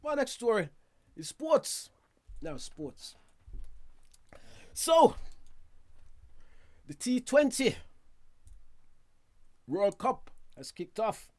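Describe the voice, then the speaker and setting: A man's voice: very high-pitched, sing-song, very slow, long pauses, a little mellow. Chatty man hosting the news. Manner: chatty, laughs at himself, asides to viewers. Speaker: news show host. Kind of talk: casual news roundup. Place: studio.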